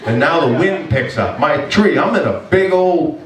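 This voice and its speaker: A man preaching as pastor, telling a story in an animated, self-mocking way and acting out his own complaints. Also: a little high, normal speed. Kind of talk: storytelling sermon. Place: church hall. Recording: echoey room from far off.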